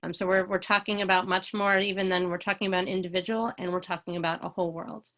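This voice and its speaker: A woman moderating an online panel discussion, speaking haltingly and restarting often as she searches for words. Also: on the low side, flat delivery, a bit bright.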